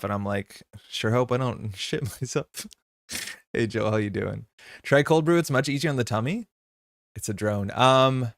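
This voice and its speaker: A man's voice: vocal fry, dry recording, clean studio sound. A man hosting a live card game stream, chatting casually with viewers in a rambling way, full of fillers and sudden upbeat greetings. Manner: chatty and rambling, with many fillers and quick jumps in pitch when greeting chat.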